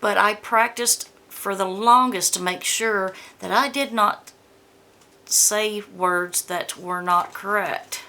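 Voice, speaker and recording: Slow, gravelly, bright-voiced woman vlogger. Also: medium pitch. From American South. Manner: chatty, stumbles over product names; reads product blurbs aloud. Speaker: beauty vlogger. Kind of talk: casual unboxing chat.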